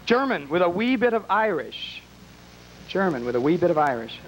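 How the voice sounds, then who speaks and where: A man with a high voice emcees a campy live game show in a small bar. He teases and wisecracks his way through the introductions, over a faint layer of noise. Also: sing-song, normal speed, poor audio. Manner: teasing, wisecracking.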